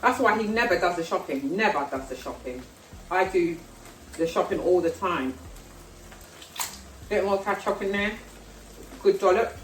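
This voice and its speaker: Vlogger: London woman, lowish voice, chatty cooking talk, echoey kitchen away from mic, frying behind. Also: moderate pace, long pauses, a bit bright, far from the mic, a little hiss or hum. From South London, England. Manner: chatty, self-deprecating, talks while cooking. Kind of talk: casual cooking vlog chat. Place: home kitchen. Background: frying and sizzling food.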